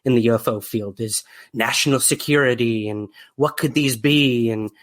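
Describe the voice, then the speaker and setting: A man's voice: mid-range voice, moderate pace. A man hosting a podcast interview, asking questions in a friendly way with many fillers, and reading out listener questions. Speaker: podcast host.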